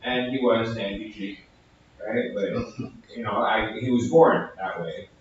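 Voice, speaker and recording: A man's voice: on the low side, measured pace, slight background noise. A man telling a comedy story in a loose, casual way, swearing freely and acting out the lines of the people in it. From Canada. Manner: animated, swears freely, acts out quotes. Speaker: comedian guest. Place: live comedy venue. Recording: echoey, distant, dull lo-fi sound.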